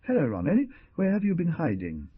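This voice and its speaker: A breezy young woman, put on by a male narrator, lifted high and light, a touch husky. Casual and quick to turn polite, on a dull audiobook recording. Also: huge pitch swings, no room sound, heavily acted. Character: young slim woman, flippant then demure.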